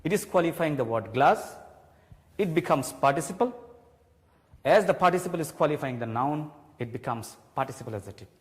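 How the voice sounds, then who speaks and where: A man's voice: fairly high pitch, animated. Man teaching grammar. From Bangladesh. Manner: slow, explanatory, repeats key points. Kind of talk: televised classroom English lesson. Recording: long hall reverb.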